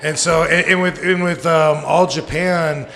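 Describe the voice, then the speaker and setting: A man's voice: fairly high pitch, steady tone, measured pace, sharp tone. A man in his forties telling rambling, profane stories with frequent laughter as a guest on a live podcast show. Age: 40s. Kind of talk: casual storytelling on a live podcast. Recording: live venue with long reverb and faint noise.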